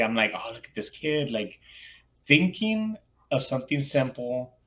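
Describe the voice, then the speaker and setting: Through muffled, lo-fi audio, a teacher guesting on a podcast recounts a classroom story with animation, voicing snippets of dialogue amid lots of fillers and restarts. His mid-range voice is sing-song, a little slow, and fairly bright.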